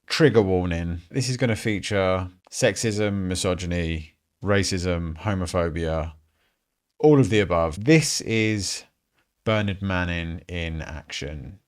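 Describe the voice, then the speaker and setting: Low-voiced guy chatting frankly on his show, swears and laughs a lot. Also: takes it slowly. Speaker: podcast host. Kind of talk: casual commentary.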